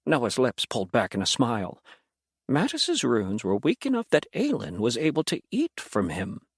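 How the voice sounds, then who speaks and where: Expressive male audiobook narrator. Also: mid-range voice, normal speed, slightly rough, no echo, studio quality. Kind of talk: scripted fantasy narration.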